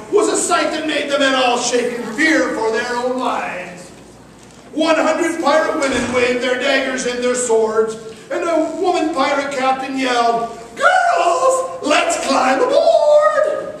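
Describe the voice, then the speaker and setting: Male kids' storyteller, high voice, slow unhurried reading, joking with the crowd; distant mic in a very echoey auditorium. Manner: joking, playful banter with the audience. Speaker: children's storyteller and performer. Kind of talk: live rhyming story reading to schoolchildren. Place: large hall or school auditorium. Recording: echoey hall from far off with audience.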